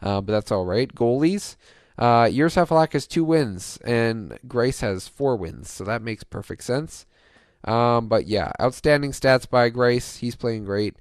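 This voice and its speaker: A man talking over his own hockey video game in a relaxed let's-play style, cheering his team on and thinking aloud. His voice is smooth and clear, and the recording is close and dry, with no room sound. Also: mid-range voice, a little slow, dry recording. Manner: chatty, cheers on his team, bursts of excitement; thinks aloud with many fillers and restarts. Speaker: gaming channel host. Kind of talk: casual let's-play commentary.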